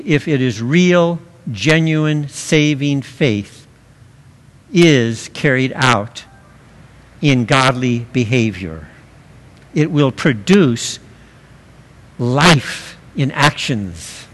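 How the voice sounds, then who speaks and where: A man preaching a sermon, slow and deliberate, pausing to stress key words. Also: medium pitch, expressive, a bit bright, long reverb tail. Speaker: pastor.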